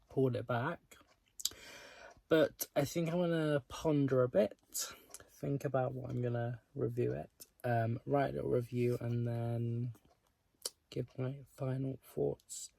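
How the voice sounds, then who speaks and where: Guy doing a book vlog, kinda gravelly, venting and swearing a lot, dry close sound. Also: mid-range voice, a little mellow, no echo. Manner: exasperated ranting, full of "like" and swearing. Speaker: book vlogger. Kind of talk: casual reading-update vlog.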